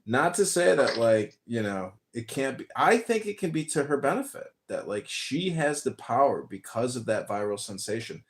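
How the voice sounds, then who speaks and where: A man's voice: mid-range voice, sing-song, moderate pace, hardly any pauses. A man hosting a casual chat, blunt and profane, who rambles through a long anecdote.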